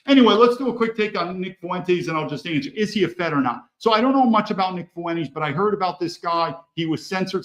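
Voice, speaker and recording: A man's voice: a little high, low-quality recording. Heated, profane middle-aged man ranting. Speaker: podcast host. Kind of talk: angry political rant.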